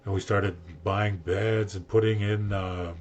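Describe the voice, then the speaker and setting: An older man on a podcast, earnestly telling a personal story and acting out what people said to him, with a husky voice. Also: on the low side, steady tone, unhurried, slight background noise. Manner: earnest, emotional storyteller who acts out quoted speech. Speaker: guest sharing his story.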